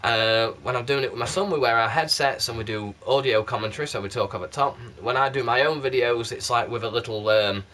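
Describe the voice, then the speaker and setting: A man's voice: medium pitch, fast, hardly any pauses, bright, forceful tone. Chatty South Yorkshire man vlogging. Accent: mixed South Yorkshire English. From South Yorkshire, England. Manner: rambling, chatty, self-deprecating. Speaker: YouTube candle reviewer. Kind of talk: casual chat to camera. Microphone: PlayStation camera mic.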